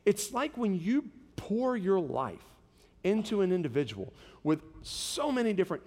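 A man's voice: high voice, big pitch swings, normal speed, darkish tone, big-room sound. A pastor in his thirties preaching a sermon, conversational and telling stories with humor.

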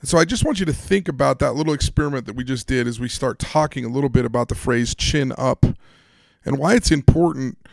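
A man's voice: medium pitch, fast, vocal fry, dry recording, clean studio sound. A man hosting a solo motivational podcast, upbeat and speaking straight to his listeners with questions and instructions. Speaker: podcast host.

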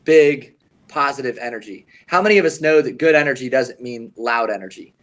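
A man co-hosting a podcast, telling a coaching story in an earnest, emphatic way and slowing down on his key points. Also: medium pitch, expressive, fairly bright tone. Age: adult, past his young advisor years. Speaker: podcast co-host, advisor coach.

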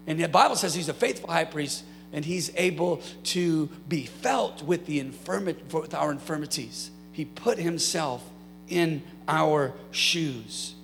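Male preacher, high gravelly voice, echoey church hall. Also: fairly bright tone. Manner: preaching with rising fervor and rhetorical questions. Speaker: pastor. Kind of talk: sermon. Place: church sanctuary. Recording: hall reverb, faint mains hum.

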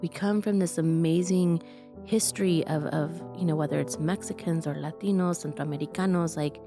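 A young woman with a low voice tells a personal story about her life and community work. She talks in an earnest, emotional way, full of fillers. Music plays clearly behind her. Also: fairly even intonation, normal speed. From Colorado. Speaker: community organizer.

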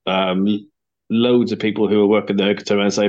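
A man's voice: fairly low pitch, fairly even intonation, fairly quick, dull audio. A man with a Northern Irish accent hosting a casual football podcast, wry and self-deprecating as he chats with guests. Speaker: podcast host.

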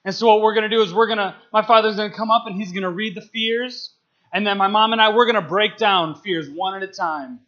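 Young man, high bright voice, playful and emotional church talk, muffled recording. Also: quick pace. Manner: playful, emotional, laughs often. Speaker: guest speaker.

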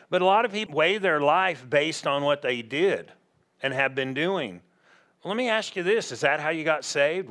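A pastor in middle age delivers a sermon, his voice pitched somewhat high for a man. He stays lively and chatty, slipping into quick impressions of other voices to drive his points home.

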